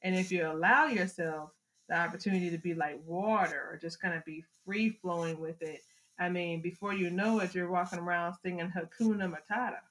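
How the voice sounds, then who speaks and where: A middle-aged woman, a mother sharing parenting advice in a casual chat, telling family stories with lively acted-out moments. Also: on the low side, brisk, poor audio. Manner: animated storyteller, acts out family scenes with laughter. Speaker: podcast guest, mother of the host.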